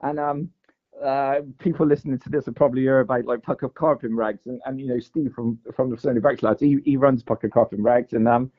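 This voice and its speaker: A man's voice: mid-range voice, steady tone, fairly quick. Rambling man with dull audio. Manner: rambling, full of "mate" and "like" fillers. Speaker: guest angler. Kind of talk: casual storytelling interview.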